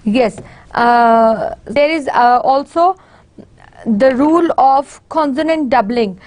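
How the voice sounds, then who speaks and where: A high-pitched woman lecturing at an unhurried pace. She says example words over and over to model their stress. She pauses often and restarts her sentences. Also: darkish tone. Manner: repeats words slowly to model stress, many fillers and restarts. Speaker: university lecturer. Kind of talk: slow classroom lecture.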